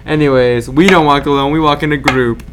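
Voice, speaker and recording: A man's voice: a little high, steady tone, brisk, music in the background. A teenage boy hosting a casual podcast with friends, joking, laughing often and cutting in on the others, talking into a shared handheld mic. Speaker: podcast host.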